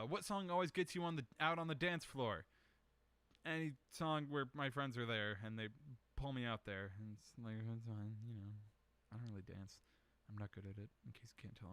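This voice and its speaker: A man's voice: mid-range voice, creaky, fairly bright tone. A young man hosting a casual solo show, rambling through questions in a profane, self-mocking way. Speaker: podcast host answering questions.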